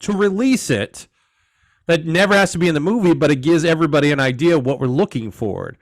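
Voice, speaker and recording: A man's voice: a little high, animated, brisk, no echo. Dry-sounding sardonic male podcast co-host. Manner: quizzical, sardonic questioning. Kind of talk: casual chat.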